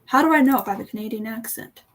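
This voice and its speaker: A young woman in casual livestream chat, with a slightly high, breathy voice. She talks playfully and keeps trying out how words sound. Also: very fast. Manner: playful, testing her own pronunciation aloud. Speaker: booktube co-host.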